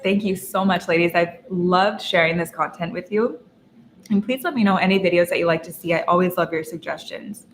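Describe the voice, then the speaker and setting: A woman's voice: on the low side, a bit bright, slight background noise, low-quality recording. Upbeat woman coaching her viewers. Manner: upbeat, encouraging, talks straight to viewers. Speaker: lifestyle coach and host. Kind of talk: casual livestream Q&A.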